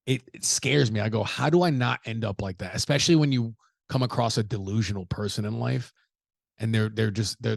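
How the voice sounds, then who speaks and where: A man talks through a solo podcast in a loose, blunt, profane way, often slipping into acted-out quotes of other people. His voice has a gravelly edge. The sound is close and dry, with no room around it. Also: lowish voice, no echo. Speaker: podcast host. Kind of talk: casual solo podcast commentary.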